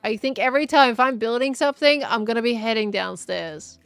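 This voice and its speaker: An Australian woman streamer rambling in casual chat while she plays a game, chatty and quick to giggle. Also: fairly high pitch, vocal fry, clear, resonant tone, dry recording, soft background music.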